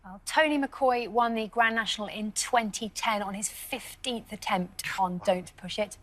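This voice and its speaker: A woman who explains the quiz answers in a calm, measured and informative voice. Her pitch stays in an ordinary middle range. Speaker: quiz show expert. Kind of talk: scripted explanations.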